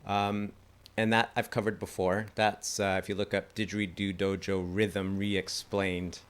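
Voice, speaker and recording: Man, music teacher, casual enthusiastic lesson, slightly low voice. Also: flat delivery, unhurried, clear, resonant tone. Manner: enthusiastic, chatty, laughs at himself. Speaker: didgeridoo teacher. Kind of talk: casual instructional talk.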